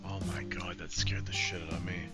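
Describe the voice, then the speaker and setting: A man's voice: low-pitched, little pitch movement, brisk, gravelly, over loud music. A young man streaming a video game, cursing and muttering his reactions to himself. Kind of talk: casual gaming commentary.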